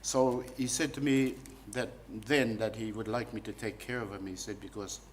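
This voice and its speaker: A man's voice: on the low side, fairly even intonation, moderate pace, a little hiss or hum. Rambling New man giving a eulogy. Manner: rambling, folksy storytelling. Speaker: funeral director and celebrant. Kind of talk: funeral eulogy. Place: funeral service.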